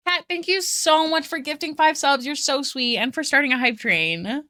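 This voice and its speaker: Giggly high-voiced woman streamer. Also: lively intonation, normal speed, fairly bright tone, no room sound, studio quality. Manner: giggly, laughs often; effusive thanks to chat. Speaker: art streamer. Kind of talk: casual chat with viewers while drawing.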